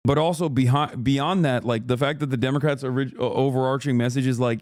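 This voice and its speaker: A man's voice: medium pitch, steady tone, fairly quick, few pauses, a little mellow, no echo, clean studio sound. A man streaming live, reacting to the news in a profane, exasperated rant to his chat.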